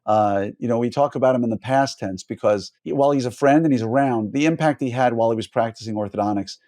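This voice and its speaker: A man's voice: medium pitch, fast talker, warm tone, dry recording, clean studio sound. A man hosting a podcast interview, giving effusive, admiring introductions with fillers and restarts. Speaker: podcast host.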